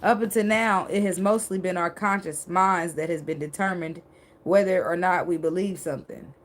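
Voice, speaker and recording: A woman's voice: lowish voice, steady tone, moderate pace. A woman doing a casual tarot reading, chatty and joking, with casual swearing. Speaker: tarot reader.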